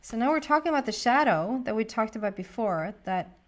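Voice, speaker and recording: A woman's voice: fairly high pitch, animated, brisk. Chatty woman giving a tarot reading. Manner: chatty, thinks aloud, talks to the cards. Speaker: tarot reader. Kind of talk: casual tarot reading monologue.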